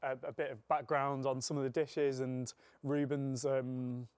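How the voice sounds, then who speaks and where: A man's voice: medium pitch, little pitch movement, unhurried, darkish tone, clean tone, dry recording. A man co-hosting a podcast, talking in an enthusiastic, rambling way with lots of fillers. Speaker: podcast co-host. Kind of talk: casual chat.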